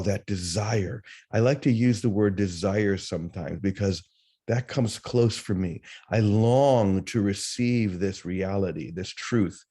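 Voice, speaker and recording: A man's voice: lowish voice, dark tone. A man hosting an online spiritual session, speaking in an earnest, reflective way.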